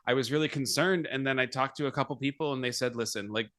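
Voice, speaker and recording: Male podcast host, animated and self-deprecating, bright tone. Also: medium pitch, fast talker. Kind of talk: casual podcast chat.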